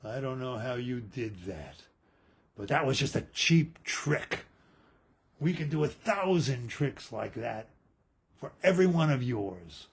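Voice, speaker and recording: Man voicing a husky, pompous god-king, low and menacing, storybook telling. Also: big pitch swings, measured pace, full character voice. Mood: haughty. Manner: pompous, threatening. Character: boastful male king of the gods.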